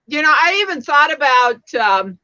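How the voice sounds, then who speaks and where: A woman with a high, bright voice chats casually on a video call, jumping in over the others. The audio is dull and lo-fi. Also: lively intonation, moderate pace. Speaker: chat participant. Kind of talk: casual chat.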